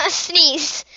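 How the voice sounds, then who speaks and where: A woman's voice: very high voice, pushed and bright, dry recording. A woman YouTuber giving goofy, playful reaction commentary, teasing and mock-challenging her viewers. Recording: dull lo-fi sound.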